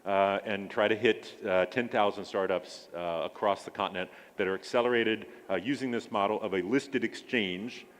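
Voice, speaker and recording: A man pitching his startup accelerator at a conference, hesitant, with many filler sounds and restarts. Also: fairly even intonation, moderate pace, hardly any pauses.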